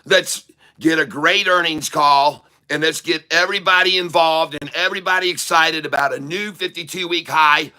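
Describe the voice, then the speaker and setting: A man from Ireland hosting a stock market show, ranting furiously and profanely, repeating himself and sometimes shouting. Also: a little high, fairly even intonation, normal speed, clear, resonant tone. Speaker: stock market video host. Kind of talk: angry ranting market commentary. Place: Dublin, Ireland.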